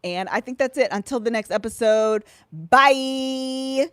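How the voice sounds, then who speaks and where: A woman's voice: on the high side, fairly quick, darkish tone, no echo, studio quality. A woman co-hosting a podcast, talking casually and loosely on a live stream. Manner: chatty, loose and informal. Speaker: podcast co-host.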